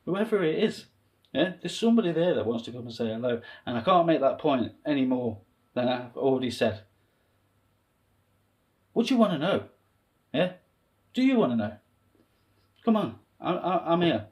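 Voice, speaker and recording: A man talking straight to camera in a rambling, emotional monologue, swearing freely and swinging between quiet musing and impassioned appeals. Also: a little high. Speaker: self-styled candidate vlogger.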